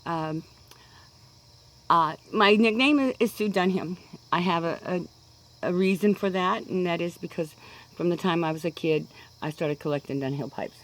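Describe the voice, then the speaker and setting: A woman's voice: lowish voice, moderate pace, pauses often, poor audio. A woman in her sixties with a Kansas accent, chatting in a rambling way on her video blog and going off track, outdoors on a deck. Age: 60s. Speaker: pipe-smoking vlogger. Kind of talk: casual rambling monologue.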